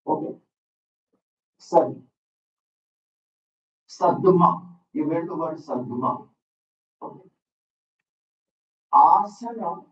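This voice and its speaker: Slow, deliberate Indian English male lecturer. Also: fairly high pitch. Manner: slow, deliberate teaching with frequent "okay" and repetition. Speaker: lecturer on Sanskrit texts. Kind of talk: classroom lecture. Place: school hall. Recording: roomy, dull sound from a distant mic.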